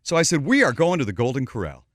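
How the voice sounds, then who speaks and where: A middle-aged man hosting a radio talk show, telling a story in an animated way and acting out the voices of the people in it. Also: mid-range voice, fast talker, dry recording, clean studio sound. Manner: animated, acts out voices in anecdotes.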